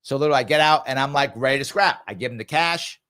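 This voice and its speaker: A man hosting a live question-and-answer stream, talking in an easy conversational way with emphatic bursts. His voice sits at an ordinary, middle pitch for a man. He tells stories with lively back-and-forth energy. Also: fast talker. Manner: conversational, emphatic, animated anecdote telling. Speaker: livestream show host. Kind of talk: casual live Q&A and storytelling.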